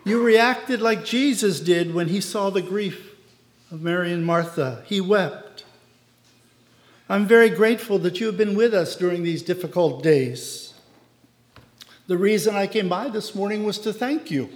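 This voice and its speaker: A man voicing a grieving woman who sincerely thanks her pastor, speaking softly and earnestly in a reverberant hall. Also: mid-range voice, a little slow, close to an everyday voice. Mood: earnest, grateful.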